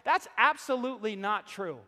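A middle-aged man preaches from a church sanctuary, his voice pitched high for a man. He talks in a conversational, emphatic way, repeating his key lines. The sound carries a long reverb from the hall. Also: animated, normal speed, bright, forceful tone. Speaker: pastor. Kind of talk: sermon.

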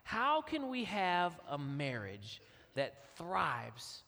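A middle-aged man telling a family story from the pulpit as a guest speaker, acting out the quotes in an animated way. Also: on the high side, very slow, creaky. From Kentucky. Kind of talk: storytelling sermon. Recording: long hall reverb.

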